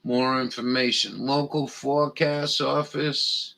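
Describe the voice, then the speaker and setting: Gravelly slow-talking grumbling man. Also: mid-range voice, level tone, bright, forceful tone, slight background noise. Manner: profane, grumbling, mutters to himself. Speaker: live streamer. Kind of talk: rambling live commentary.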